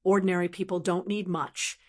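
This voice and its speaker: A woman's voice: on the low side, little pitch movement, a little fast, a little mellow, lightly acted. A woman voicing a cheerful, confident young male lord in an audiobook, speaking in a breezy, amused way. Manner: breezy, laughing.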